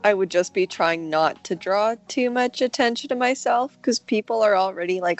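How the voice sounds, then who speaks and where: Hesitant, low-key woman player. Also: normal speed, hardly any pauses. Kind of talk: playing a tabletop game.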